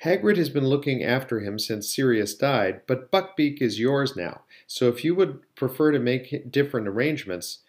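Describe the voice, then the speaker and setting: A man reading as a wry old wizard headmaster, polite and unhurried. His phrasing is formal and measured, in a storybook reading. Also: mid-range voice, lively intonation, lightly acted. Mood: calm.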